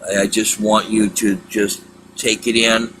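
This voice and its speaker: Halting man hosting a livestream. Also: fairly low pitch, level tone, background noise. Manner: halting, repeats words, exasperated then apologetic. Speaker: livestream host. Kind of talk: casual livestream talk.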